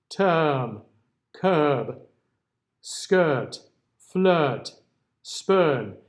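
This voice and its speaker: An American man teaching a diction class in a recorded lecture, chatting casually, modeling vowel sounds aloud and checking in with a frequent "okay?". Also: fairly high pitch. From United States.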